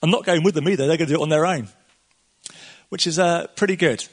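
A man's voice: on the high side, quick pace, husky. A man preaching a casual sermon, chatty and conversational, laughing often and acting out the quotes.

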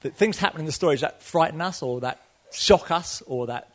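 A middle-aged male preacher delivers a sermon with a slightly high-set voice. He tells the story with energy, breaking off for chuckles and asides to the congregation. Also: a little fast.

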